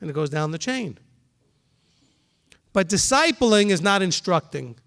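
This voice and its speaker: High-voiced man preaching a conversational sermon. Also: big pitch swings, a little slow, a bit bright. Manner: conversational, repeats and restarts phrases, acts out quoted voices. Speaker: rabbi teaching a congregation. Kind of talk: sermon-style Bible teaching.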